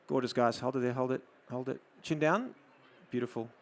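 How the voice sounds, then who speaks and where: A man with an Australian accent giving a live photography demo, explaining his camera settings and coaxing a model with soft murmured praise. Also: medium pitch, fairly quick. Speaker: photography presenter. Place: studio demo before an audience.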